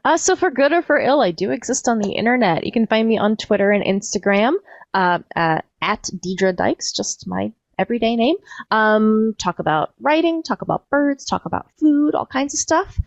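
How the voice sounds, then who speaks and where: A wry, giggly woman chatting as a tabletop game player. Her voice is slightly high and very lively in pitch, and the recording sounds dull, lo-fi and dry. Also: moderate pace, dry recording. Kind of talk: casual chat at the end of a streamed tabletop game.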